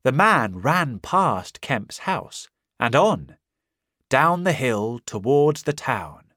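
A man narrating a simplified storybook in a slow, clear, careful reading. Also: mid-range voice, very animated, pushed and bright, no room sound, studio quality. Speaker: audiobook narrator. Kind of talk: scripted narration of a simplified reader.

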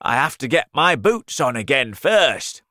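A man voicing a fussy centipede in a storybook reading, loud and complaining. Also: medium pitch, big pitch swings, measured pace, no echo, studio quality, voice pushed up. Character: fussy centipede with many boots.

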